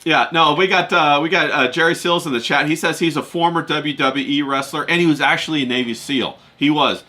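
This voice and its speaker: A man's voice: fairly high pitch, a little fast. A man co-hosting a casual podcast stream, chatting loosely and reading out viewer comments. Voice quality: relaxed, frequent "yeah" and "uh" fillers. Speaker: podcast co-host. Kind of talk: casual chat, reading live chat.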